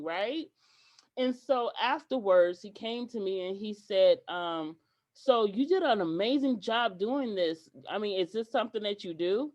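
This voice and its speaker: A woman guest on a podcast tells her stories with real animation and acts out the dialogue of the people in them. Her pitch sits in an ordinary middle range, and she stops and restarts her sentences now and then. The recording sounds dull and lo-fi. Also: a little mellow. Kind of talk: podcast interview storytelling.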